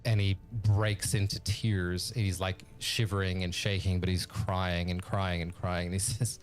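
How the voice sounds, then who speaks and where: Slow, rambling male game master. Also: low voice, level tone, soft background music. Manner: rambling, with many fillers. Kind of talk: narrating a tabletop game.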